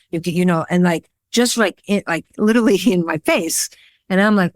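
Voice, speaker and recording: A woman photographer being interviewed, talking in a rambling, animated storytelling way with lots of fillers. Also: on the low side, moderate pace, dry recording, clean studio sound. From Worcester, Massachusetts area. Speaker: guest, photographer. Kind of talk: casual interview chat.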